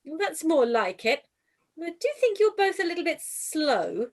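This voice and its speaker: A woman's voice: high-pitched, very animated, normal speed. A woman playing a self-pitying Cinderella in an amateur pantomime, whining and sighing melodramatically. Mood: pouty.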